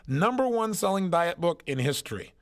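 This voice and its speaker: A man's voice: high-pitched, sing-song, moderate pace. A man giving a motivational seminar talk, telling stories emphatically and asking rhetorical questions. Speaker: motivational speaker.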